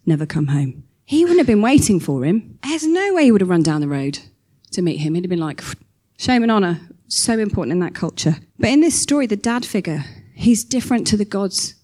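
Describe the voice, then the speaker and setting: A woman preaching a sermon, telling a story with lively acted-out quotes. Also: mid-range voice, fairly quick, slightly rough. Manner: animated storytelling, acting out quoted voices.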